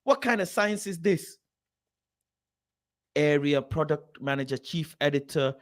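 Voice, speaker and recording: A man's voice: on the high side, a little slow. A young man hosting a football channel, reacting to a screen in an exasperated, mocking rant full of swearing, muttering as he reads names aloud. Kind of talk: ranting reaction commentary.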